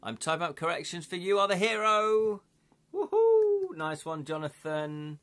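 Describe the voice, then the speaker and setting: A man's voice: on the high side, moderate pace, sharp tone. A man hosting a casual live stream, chatting with viewers, laughing often and reading their comments aloud. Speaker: livestream host.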